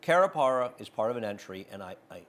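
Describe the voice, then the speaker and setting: A man's voice: medium pitch, very animated, quick pace, a bit bright, a little hiss or hum. A man hosting a horse racing betting show, giving blunt, opinionated handicapping in casual chat.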